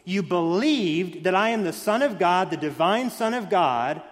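A man's voice: high-pitched, animated, measured pace. Preacher man in a reverberant hall. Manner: emphatic, swings between loud stresses and hushed lines. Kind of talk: sermon.

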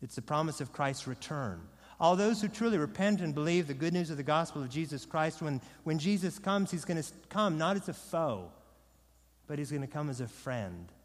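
A pastor preaching a sermon to his congregation, swinging from loud proclamation to soft, low pleading. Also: animated, moderate pace. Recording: long reverb of a large hall.

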